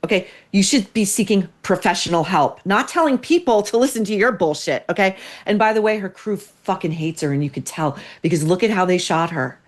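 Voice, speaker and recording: A woman's voice: medium pitch, fairly quick, few pauses. A woman hosting a commentary podcast, ranting bluntly with profanity and biting sarcasm. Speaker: podcast host. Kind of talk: opinionated commentary.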